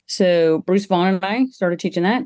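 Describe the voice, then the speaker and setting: A middle-aged woman, a guest on an interview podcast, telling lively stories and laughing often as she talks. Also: moderate pace. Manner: lively, acts out quoted people with jumps in pitch. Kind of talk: casual interview storytelling.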